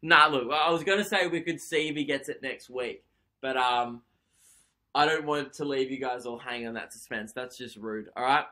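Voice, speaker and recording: Bright-voiced comic rambling solo. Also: male voice, medium pitch, moderate pace. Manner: rambling, animated, laughing at his own jokes. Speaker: podcast host, comedian. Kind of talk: solo comedic monologue.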